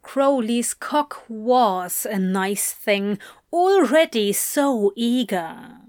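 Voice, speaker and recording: Slow, softly measured woman reading aloud. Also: fairly high pitch, lively intonation, dry recording, clean studio sound. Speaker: reader. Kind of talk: reading fan fiction aloud.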